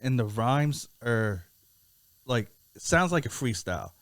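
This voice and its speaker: A man co-hosting a casual music review podcast, talking in a laid-back, halting way and laughing often. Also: mid-range voice, very animated, dry recording. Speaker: podcast co-host.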